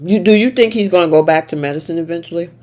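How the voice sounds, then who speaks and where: A woman's voice: fairly low pitch, rapid-fire, a little mellow. A woman hosting a casual soap opera recap chat, talking playfully and laughing often. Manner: chatty and laughing, with playful asides.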